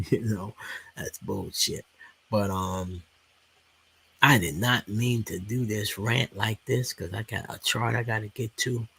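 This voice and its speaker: A man's voice: fairly low pitch, fairly even intonation, takes it slowly, creaky, pauses often, fairly bright tone, husky. A man in his forties with a Washington DC accent, telling a heated, profane story in a casual rant full of restarts. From Washington DC, USA. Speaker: stock market video host. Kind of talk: casual ranting monologue.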